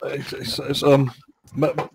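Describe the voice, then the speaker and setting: Halting man running a tabletop game. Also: mid-range voice, little pitch movement, creaky, a little mellow, a little hiss or hum. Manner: halting, full of restarts, laughs often. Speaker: game master.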